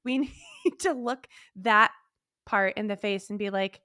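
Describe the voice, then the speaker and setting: A woman's voice: medium pitch, measured pace, sharp tone, clear, resonant tone, no echo, clean studio sound. A woman co-hosting a podcast, talking frankly and animatedly in a candid chat, swearing freely. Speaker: podcast co-host. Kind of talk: candid casual conversation.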